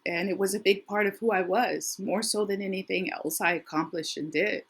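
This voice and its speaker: Husky-voiced woman giving a chatty tarot reading. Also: mid-range voice, fairly even intonation, moderate pace. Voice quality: husky, worn voice. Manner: chatty, thinks aloud, frequent restarts. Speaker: tarot reader. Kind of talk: casual tarot reading to camera.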